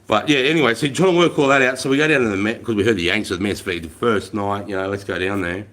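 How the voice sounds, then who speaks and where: A man's voice: fairly low pitch, fast talker, a bit bright. A middle-aged Australian man telling war stories on a livestream, swearing often and laughing as he goes. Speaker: livestream host, army veteran. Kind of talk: casual storytelling on a livestream.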